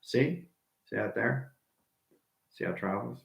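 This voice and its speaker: A man's voice: on the low side, lively intonation, unhurried, vocal fry, reverberant. A man giving a rambling, enthusiastic livestream talk to his viewers, repeating himself and dropping into whispers now and then. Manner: enthusiastic, repetitive, drifts into whispers. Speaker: online spiritual teacher.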